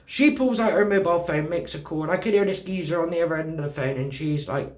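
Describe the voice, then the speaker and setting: A man's voice: fairly high pitch, quick pace, few pauses, reverberant. A man with a British accent telling a personal story in casual talk, acting out the dialogue and swearing freely. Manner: animated, swearing, acts out dialogue.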